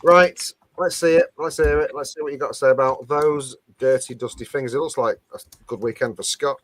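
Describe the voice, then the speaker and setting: A man's voice: mid-range voice, steady tone, brisk, slight background noise. A man co-hosting a casual live stream, reading viewer comments aloud and laughing often. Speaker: co-host reading out viewer captions.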